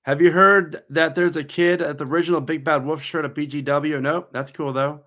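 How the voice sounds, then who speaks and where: This man, a coaster YouTuber in his thirties, keeps a steady tone and moderate pace in a fairly high, fairly bright voice. He reads out viewer questions on a live stream and responds in a casual, rambling style.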